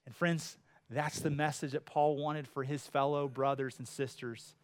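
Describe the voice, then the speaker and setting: A man preaching a sermon in a church, swinging between loud, emphatic lines and hushed, quiet ones. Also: medium pitch, steady tone, a little slow. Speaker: pastor. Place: church sanctuary.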